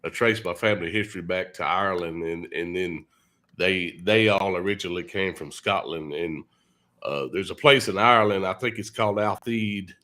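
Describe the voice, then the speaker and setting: A man's voice: low voice, normal speed, bright, forceful tone. A man on a video call telling a rambling story, with many fillers and restarts. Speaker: guest musician and new co-host. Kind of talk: casual storytelling on a live stream.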